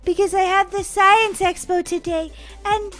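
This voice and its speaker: High bright woman playing a whiny sick sister in roleplay. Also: steady tone, measured pace, no room sound, soft background music. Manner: whiny, pleading, fake sneezes. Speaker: role-player voicing Daisy. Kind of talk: family role-play over game footage.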